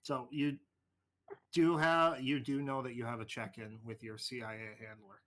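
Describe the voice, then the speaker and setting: A man's voice: medium pitch, level tone, moderate pace, a bit bright. A man running a tabletop game over a voice call, narrating casually and swearing freely. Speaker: game master.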